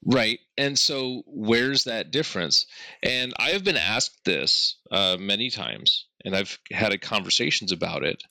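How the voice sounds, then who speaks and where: A man hosting a podcast discussion, talking in a measured way with many pauses and fillers. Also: lowish voice, lively intonation, vocal fry, sharp tone, dry recording. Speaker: podcast host.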